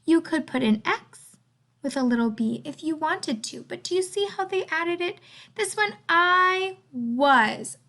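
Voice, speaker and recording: A woman teaching a writing lesson to young children, in an animated, sing-song teacher voice with lots of emphasis. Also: high-pitched, normal speed.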